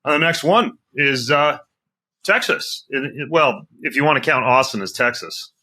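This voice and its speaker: A man's voice: medium pitch, normal speed, pushed and bright. A middle-aged man hosting a podcast interview, casual and joking, rambling with fillers. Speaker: podcast host.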